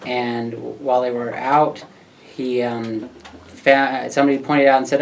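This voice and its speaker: An American man telling his story to an audience in a pub, animated and laughing often as he acts out the voices of others. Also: mid-range voice, moderate pace. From United States. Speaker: speaker at a talk. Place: pub function room. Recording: distant mic with faint background noise.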